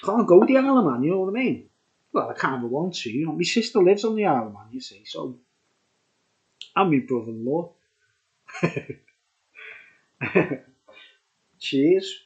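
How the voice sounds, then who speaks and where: Male beer vlogger, higher-pitched voice, rambling and excited, dull lo-fi sound. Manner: chatty, enthusiastic, rambling with laughs. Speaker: beer reviewer. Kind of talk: casual review vlog. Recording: dull lo-fi recording.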